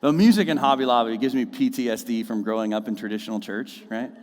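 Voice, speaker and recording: A male pastor gives a loose, chatty sermon, full of jokes and playful put-on voices. His voice sits at an ordinary male pitch. The room behind him rings with the long reverb of a church hall. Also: quick pace. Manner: casual, joking, animated with mocking voices. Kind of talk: conversational sermon. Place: church auditorium.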